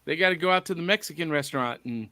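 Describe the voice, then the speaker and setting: Bright-voiced upbeat male podcast host. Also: on the high side, fast talker, dry recording, clean studio sound. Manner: playful, upbeat, jokey. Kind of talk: casual chat reading viewer comments.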